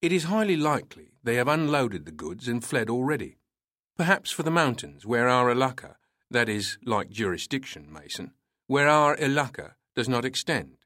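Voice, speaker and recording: A man's voice: mid-range voice, animated, a little slow, a bit bright, no room sound, clean studio sound. A man voicing a boastful, seasoned colonial police officer who lectures his junior in proverbs. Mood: condescending.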